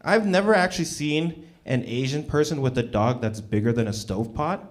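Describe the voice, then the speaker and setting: A young man doing a stand-up set at an open mic, with a loose, halting delivery full of ums. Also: medium pitch, a little hiss or hum. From Canada. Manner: laid-back, halting delivery with many ums. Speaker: stand-up comedian. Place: small comedy venue with a live audience.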